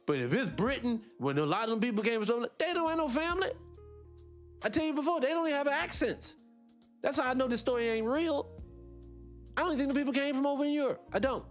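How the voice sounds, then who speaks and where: A man hosting a radio talk show, arguing his points in an animated, rhetorical way and repeating himself for emphasis. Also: very high voice, fast talker, soft background music. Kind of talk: opinionated solo radio talk.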